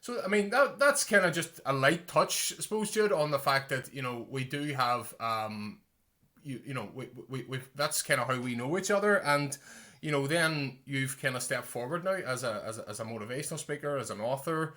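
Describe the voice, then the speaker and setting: Chatty man, bright voice. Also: mid-range voice, lively intonation, normal speed. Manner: chatty, laughing, many restarts. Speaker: podcast host. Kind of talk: casual chat, reading a comic article aloud. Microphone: desk microphone.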